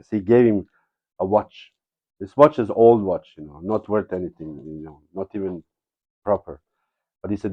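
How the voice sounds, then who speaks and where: A man's voice: lowish voice, animated, brisk, muffled recording. A man giving a spiritual lecture, telling stories in a casual, digressive way and often adding "you know". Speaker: spiritual teacher. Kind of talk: devotional lecture with storytelling.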